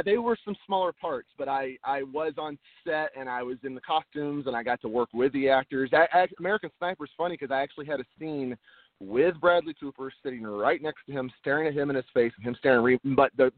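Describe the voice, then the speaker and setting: A man's voice: mid-range voice, a little fast, dry recording. A man, an actor being interviewed, talking earnestly and casually, often repeating words as he restarts. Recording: tinny phone-like line, dry.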